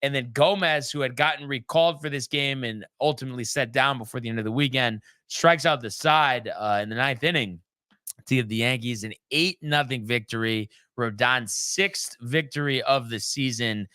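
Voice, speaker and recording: A man talking through a sports recap in a casual, rambling way, full of ums and small restarts. His voice is bright and crisp, and it sounds close and dry with no room echo. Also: medium pitch, moderate pace. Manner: loose and chatty, many ums and restarts. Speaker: sports show host.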